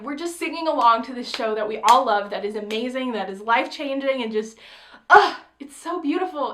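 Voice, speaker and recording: Chatty young woman, higher voice. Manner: chatty, says "like" often, quotes herself excitedly. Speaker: vlogger. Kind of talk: casual storytime vlog.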